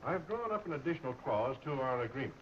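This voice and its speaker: An actor playing a measured, formal businessman partner in a 1930s film, on a muffled old soundtrack. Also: medium pitch, sing-song, close to an everyday voice.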